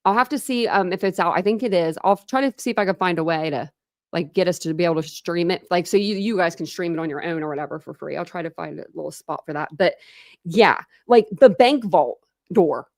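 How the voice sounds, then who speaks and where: A woman's voice: lowish voice, brisk, no room sound, studio quality. A young adult woman from the United States hosting a casual true crime live stream, chatting and answering viewer comments. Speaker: true crime channel host.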